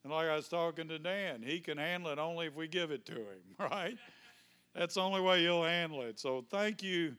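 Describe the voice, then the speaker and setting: High, bright-voiced pastor preaching. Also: male voice, moderate pace, clean tone. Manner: impassioned, shouting calls with folksy asides. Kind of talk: fervent sermon with speaking in tongues. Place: church sanctuary with congregation. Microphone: handheld microphone.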